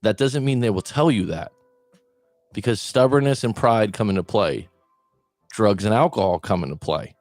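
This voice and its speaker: Low-voiced man giving breakup advice. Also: moderate pace, darkish tone, no echo, faint music behind. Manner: conversational, asks the listener questions. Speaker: breakup coach. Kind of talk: direct-to-camera advice talk.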